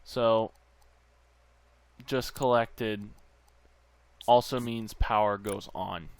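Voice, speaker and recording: A man's voice: lowish voice, fairly even intonation, drawn-out words, clean tone, no room sound. A man hosting a gameplay channel, muttering to himself as he tinkers, with bursts of goofy sing-song nonsense. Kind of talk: casual gameplay commentary.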